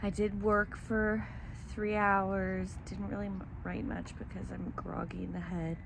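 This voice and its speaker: A woman's voice: mid-range voice, little pitch movement, a little slow, creaky, noisy background. A pregnant woman vlogging casually, talking candidly and emotionally, rambling as she goes. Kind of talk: casual confessional vlog.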